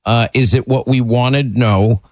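A man's voice: mid-range voice, steady tone, a little slow, darkish tone, no room sound, low-quality recording. A man hosting a political call-in radio show, talking emphatically and often repeating words as he starts a sentence. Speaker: talk radio host.

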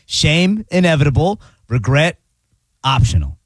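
Talk show co-host, a man with a higher, bouncy voice, easygoing and slangy. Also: a little slow, slightly rough, no room sound. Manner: laid-back surfer slang, lively. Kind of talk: casual podcast chat.

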